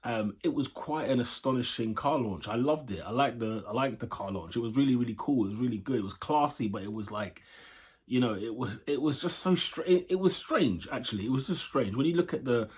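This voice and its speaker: Husky-voiced man giving a chatty review. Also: medium pitch, animated, a little fast, a little mellow. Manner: chatty, rambling and opinionated. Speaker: show reviewer. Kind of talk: casual spoken episode review.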